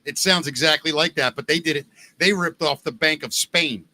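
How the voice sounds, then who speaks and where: A man hosting a podcast, joking and animated in casual banter. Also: on the high side, moderate pace. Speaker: podcast host.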